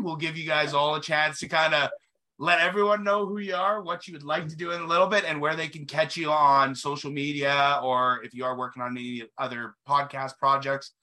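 A man's voice: a little high, bright, forceful tone. A man hosting a casual podcast who wraps up the talk in an easygoing way and hands the turn to each guest. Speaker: podcast host.

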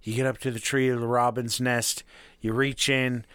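A man's voice: medium pitch, little pitch movement, moderate pace, fairly bright tone, smooth, no room sound. A man co-hosting a podcast in casual chat, cracking crude jokes and acting out silly made-up scenes. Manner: jokey, profane riffing, spins silly scenarios. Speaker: podcast co-host.

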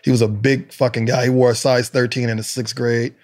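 Sex: male. Style: animated storytelling. Pitch: medium. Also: fairly quick. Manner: animated storyteller who acts out quotes. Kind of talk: casual storytelling chat.

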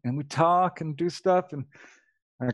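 A man telling personal stories as a guest, animated, laughing often and acting out dialogue. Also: a little high, unhurried, no room sound. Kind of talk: casual storytelling.

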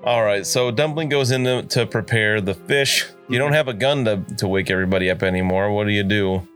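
Game master, mid-pitch, laid-back scene narration. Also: brisk, fairly bright tone, soft background music.

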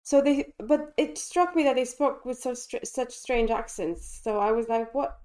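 A woman co-hosting a casual podcast, reviewing a film with animated enthusiasm and frequent restarts. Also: a little high, moderate pace. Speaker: podcast co-host reviewing films. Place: London.

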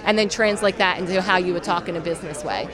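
A woman guest on a podcast talking marketing, chatty and animated, telling stories with acted-out quotes at a busy convention. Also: on the low side, fast. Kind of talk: convention floor interview. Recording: noisy crowd around. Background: crowd chatter.

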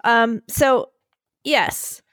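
A woman co-hosting a podcast in casual chat, animated and slightly breathy, recording from a makeshift spot in a puppy pen. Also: on the high side, drawn-out words, no echo, studio quality. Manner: animated, keeps addressing her co-host by name, acts out quotes. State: a little breathy. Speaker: podcast co-host.

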